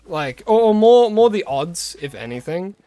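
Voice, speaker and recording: A man's voice: sits high, very animated, normal speed, warm tone, no echo. An Australian man streaming a game live, chatting casually with viewers, greeting them and correcting himself as he rambles. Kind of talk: casual live-stream chat while playing.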